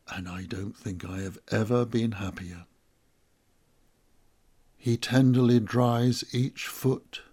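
A man's voice: medium pitch, gravelly, a little mellow, slightly rough. A man reciting a reflective first-person monologue, intimate and earnest, with emotional outbursts. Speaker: narrator.

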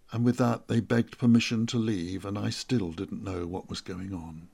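Man reading a story in first person, calm and thoughtful, gravelly voice. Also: on the low side. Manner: measured, reflective. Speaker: narrator.

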